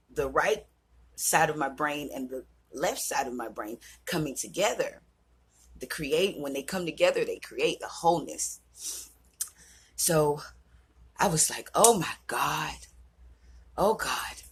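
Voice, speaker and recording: A woman in her thirties speaks earnestly and from the heart in a personal, reflective vlog, at times dropping to a whisper. Her voice sits low and is a bit bright and husky.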